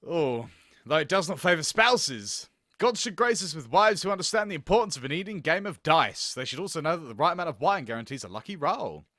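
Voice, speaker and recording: A man reading a game's lines as a sly male politician, in a lowered, smooth, coaxing voice. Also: very animated, fairly quick, bright, forceful tone, no echo, clean studio sound. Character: sly male politician urging a dice night.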